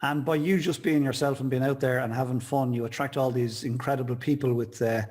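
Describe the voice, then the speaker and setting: A man's voice: medium pitch, fairly even intonation, a little fast, a little mellow. A man hosting an interview, enthusiastically praising his guest. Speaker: host.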